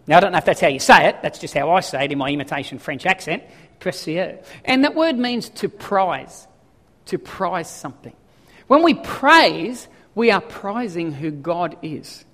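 A man preaching a sermon in an animated way, firing off rhetorical questions and building to loud emphasis. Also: high-pitched, moderate pace. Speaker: pastor. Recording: long hall reverb.

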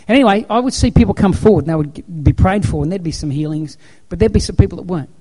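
A male pastor delivering a sermon with a somewhat high but mellow, warm voice. He tells his stories emphatically and keeps repeating key phrases for weight. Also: expressive, very fast. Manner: emphatic, repetitive storytelling preacher.

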